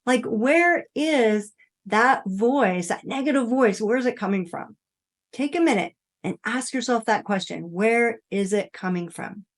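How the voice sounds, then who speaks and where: A woman coaching listeners through a self-love talk in a gentle, encouraging way, speaking straight to the listener and dropping soft and quiet for affirmations. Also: on the high side, lively intonation, unhurried. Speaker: wellness coach. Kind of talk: guided self-help talk.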